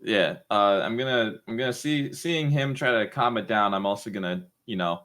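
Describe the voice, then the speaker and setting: A man's voice: lowish voice, moderate pace, fairly bright tone. A man playing a tabletop game, talking through his turn loosely and playfully. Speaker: player. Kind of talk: casual tabletop play.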